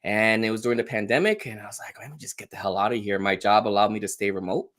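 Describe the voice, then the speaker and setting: A man's voice: on the low side, quick pace, fairly bright tone. Blunt Bronx-accented middle-aged man. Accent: New York. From the Bronx, New York City. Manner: blunt, straightforward, laughs often. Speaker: guest streamer. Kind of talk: casual interview chat.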